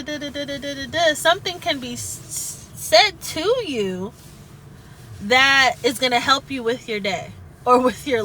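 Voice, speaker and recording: A woman with a bright, fairly high voice speaks in an earnest, halting way, pausing and restarting as she works through her thoughts. She sounds emotional, now and then close to tears, over a faint hiss of background noise. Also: poor audio. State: tearful at moments. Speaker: spiritual vlogger. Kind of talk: emotional casual chat.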